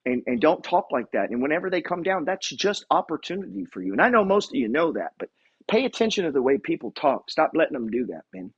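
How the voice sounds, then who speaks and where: Man, husky, animated pitch, profane motivational rant, lo-fi sound. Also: fast. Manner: blunt, profane, emphatic. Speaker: investor and real estate buyer. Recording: dull lo-fi recording.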